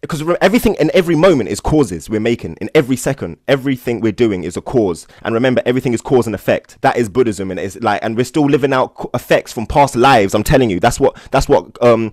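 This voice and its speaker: A man's voice: medium pitch, lively intonation, fast, few pauses, a little mellow, no echo, studio quality. A man hosting a Buddhist study session, teaching and telling stories in an enthusiastic, rambling way with many restarts. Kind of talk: casual teaching and storytelling.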